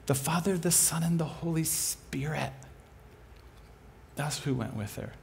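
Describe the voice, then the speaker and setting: A man preaching a sermon as an animated, humorous storyteller. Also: fairly high pitch, unhurried, gravelly.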